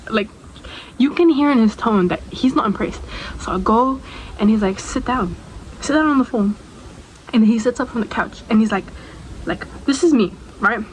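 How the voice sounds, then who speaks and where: A woman's voice: a little high, moderate pace, slight background noise, rough recording. A young adult woman chatting casually to the camera, telling a personal story in a rambling way, with asides to the viewer. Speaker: storytime vlogger.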